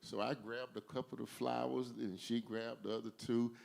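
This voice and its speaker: A man's voice: medium pitch, flat delivery, normal speed, gravelly, a little mellow. A man hosting a talk, earnestly telling a personal story in a reflective way.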